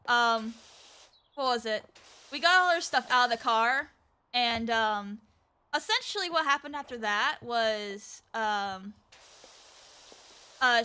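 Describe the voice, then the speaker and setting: A woman with a high, bright voice chats casually on a stream while she plays. She tells a rambling story full of fillers and restarts. She voices the people she quotes along the way. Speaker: VTuber streamer.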